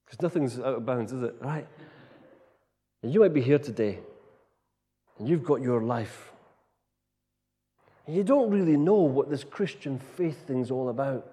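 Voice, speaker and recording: A middle-aged man preaching a storytelling sermon, animated, tagging his sentences with "right?". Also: mid-range voice, measured pace, long pauses. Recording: long reverb of a large hall.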